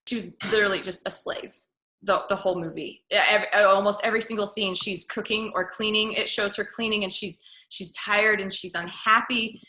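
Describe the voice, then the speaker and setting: Impassioned woman, film talk, bright forceful voice, roomy echo. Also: mid-range voice, fairly even intonation, a little fast. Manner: impassioned, acts out characters in loud mock voices. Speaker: film podcast co-host. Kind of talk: casual film discussion.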